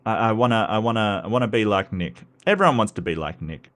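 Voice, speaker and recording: A man's voice: lowish voice, fast talker, a bit bright. A man with an Australian accent hosting a live stream, chatting casually and reading chat comments, rambling with frequent stutters and restarts.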